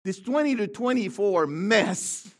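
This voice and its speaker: A middle-aged man preaching a sermon with fervor, dropping to quiet asides and rising to shouted proclamations. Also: high-pitched, animated, measured pace.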